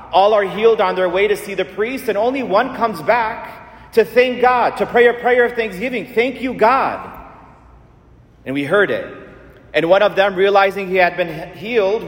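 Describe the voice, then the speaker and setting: High-voiced preacher in an echoing church. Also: male voice. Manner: earnest, repetitive preaching. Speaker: Catholic priest. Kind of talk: sermon. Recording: echoey church with long reverb.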